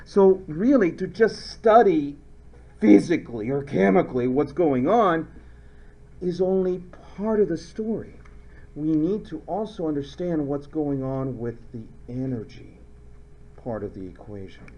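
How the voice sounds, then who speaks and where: Lively, playful male chemistry teacher. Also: a little high, measured pace. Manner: playful, joking, acts out little skits. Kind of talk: recorded classroom lecture.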